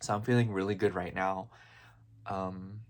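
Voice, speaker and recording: A man's voice: low-pitched, steady tone, moderate pace. A young man vlogging in a comedic parody style, gushing and rambling with constant "like" fillers.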